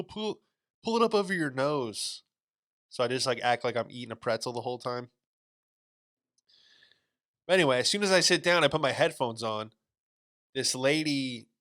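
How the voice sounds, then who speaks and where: A man's voice: medium pitch, sharp tone. A young man hosting a podcast, telling a story in a rambling, laid-back way with plenty of fillers and slang. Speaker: podcast host. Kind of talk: casual comedic storytelling.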